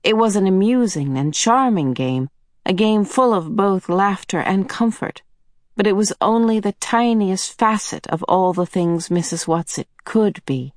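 A woman reading a novel aloud as an audiobook narrator, in measured storytelling. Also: mid-range voice, expressive, dry recording, clean studio sound. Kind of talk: scripted narration.

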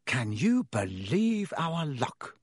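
A man voicing a young teenage boy wizard who is panicky and excitable, pushing his voice up into strained shouts. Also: drawn-out words, gravelly, no room sound, studio quality, full character voice. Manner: raised, strained shouting pitch. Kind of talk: audiobook character voice.

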